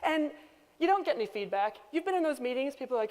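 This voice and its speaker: Woman keynote speaker, high bright voice, lively and chatty, reverberant hall sound. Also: quick pace. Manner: lively, conversational, acts out quoted people. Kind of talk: conference keynote speech. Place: conference hall.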